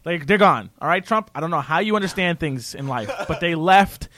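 A man in casual political chat, animated and ranting, often mocking other people's voices. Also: on the high side, fairly quick, no room sound.

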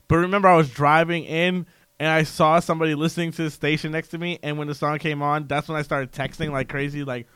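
A man's voice: a little high, quick pace, clean tone, no room sound. A man co-hosting a podcast in casual banter, telling stories with lots of laughter. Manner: laughing, animated storytelling. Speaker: podcast co-host.

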